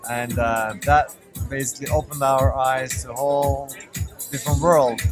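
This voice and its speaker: A man giving a halting birthday thank-you, full of uh fillers. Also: mid-range voice, steady tone. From Turkey. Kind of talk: casual birthday message. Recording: hip hop music playing behind. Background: hip hop music.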